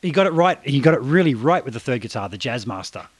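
A man's voice: mid-range voice, very animated, quick pace, no echo. Chatty Australian man in his fifties. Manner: chatty, swears casually, laughs often. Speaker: podcast host. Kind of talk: casual chat.

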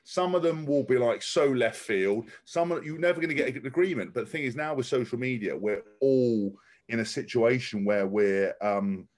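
A man's voice: medium pitch, moderate pace, a little mellow. A man speaking as a podcast guest, blunt and outspoken, swearing freely and often restarting his sentences. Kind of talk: casual podcast conversation.

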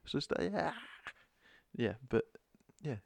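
A man co-hosting a casual podcast, bantering and teasing in relaxed chat. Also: a little high, slow, vocal fry, a crowd in the background. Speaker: podcast co-host. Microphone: headphones and podcast mic.

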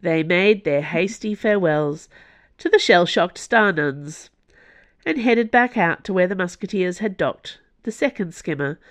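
Slow low-voiced woman narrator. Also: dry recording. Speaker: audiobook narrator. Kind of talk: scripted narration.

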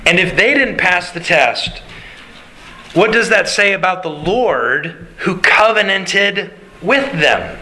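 Slow, bright-voiced male preacher. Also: sits high, a little hiss or hum, rough recording. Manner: asks the listeners questions and answers them himself; points listeners through the Bible passage. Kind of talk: sermon.

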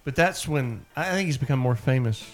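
A male radio host tells stories in casual, bawdy banter with a joking edge. His voice sits at an ordinary middle pitch. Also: lively intonation, fairly quick.

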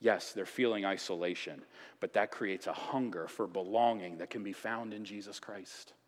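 A man preaching a sermon, telling the story in a lively, casual way and acting out voices. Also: on the low side, moderate pace. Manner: animated storytelling, acts out voices with casual asides. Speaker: pastor. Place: church sanctuary. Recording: long reverb of a church hall.

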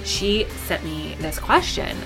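A woman's voice: sits low, big pitch swings, slow, creaky, over music. A young adult woman hosting her own podcast, talking in a chatty, upbeat, conversational way. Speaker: podcast host. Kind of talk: casual solo podcast talk.

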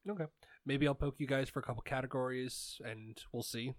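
A man's voice: medium pitch, fairly even intonation, a little fast, dry recording. A man hosting a casual sports podcast, talking in an easygoing way with plenty of ums and uhs. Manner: laid-back, many ums and uhs. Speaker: podcast host.

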